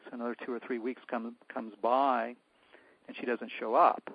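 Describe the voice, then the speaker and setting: An older man, a physician, tells a story from his practice in a rough, husky voice. He speaks candidly and acts out each side of the dialogue. The recording sounds dull and lo-fi, with no room echo. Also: mid-range voice, little pitch movement, normal speed. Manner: retells dialogue by acting out both sides, candid. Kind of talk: anecdotal storytelling.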